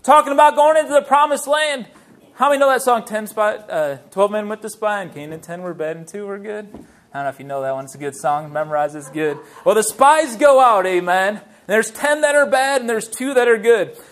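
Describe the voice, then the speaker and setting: High-voiced man preaching a lively sermon. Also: fairly quick. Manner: lively preaching with rhetorical questions to the congregation. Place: church sanctuary.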